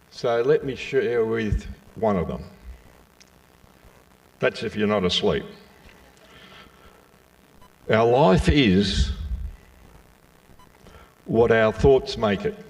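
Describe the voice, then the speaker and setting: An older man with a fairly low voice spins yarns and jokes for a live crowd. He talks in a slow, folksy way and throws in asides to his listeners. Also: a little mellow, recorded from a distance, low-quality recording. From Western Australia. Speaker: speaker giving a talk. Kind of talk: storytelling and jokes to a live audience.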